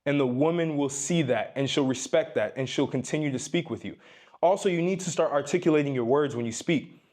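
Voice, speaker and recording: A man's voice: on the high side, brisk, a little mellow. A young man giving dating advice straight to the camera, emphatic and lecturing, shifting his tone up and down to stress his points. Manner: emphatic, lectures the viewer with repeated "you need to"; varies tone on purpose to stress points. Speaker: dating and self-improvement advice creator. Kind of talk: direct-to-camera advice monologue. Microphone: facing camera.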